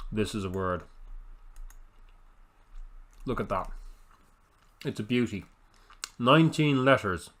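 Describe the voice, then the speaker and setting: A man, talking casually over a football management game. He rambles, stops to correct himself and undercuts things with dry understatement. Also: on the low side. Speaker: gaming video host.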